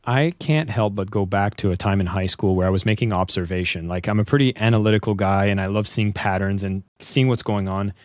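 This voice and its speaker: A man's voice: lowish voice, a little fast, few pauses, no echo, studio quality. A man hosting a podcast who talks thoughtfully and searches for his words with fillers and restarts. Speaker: podcast host. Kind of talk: conversational interview.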